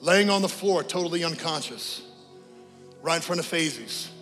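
A high-pitched man preaches a sermon from the pulpit, moving from animated storytelling to a soft, prayerful invitation. His voice carries a long church reverb, with faint music underneath. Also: normal speed. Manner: animated storytelling, then a quiet prayerful altar call. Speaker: pastor. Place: church sanctuary.

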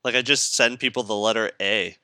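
A young man from Canada co-hosting a podcast, chatting casually, swearing freely and laughing loudly. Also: lowish voice, steady tone, brisk, dry recording, clean studio sound. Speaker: podcast co-host. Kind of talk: casual chat.

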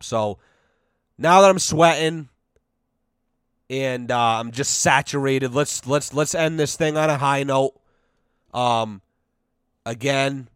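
Profane ranting podcast host, dry sound. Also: male voice, mid-range voice, clear, resonant tone, dry recording. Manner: profane, heated, mock-outraged rant. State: sweating from heat. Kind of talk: casual solo podcast rant.

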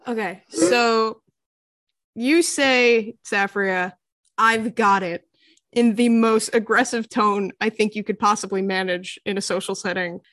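A woman's voice: mid-range voice, measured pace, fairly bright tone, no room sound. Casual woman game master, dry sound. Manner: casual, filler-heavy narration. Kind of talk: narrating a tabletop game.

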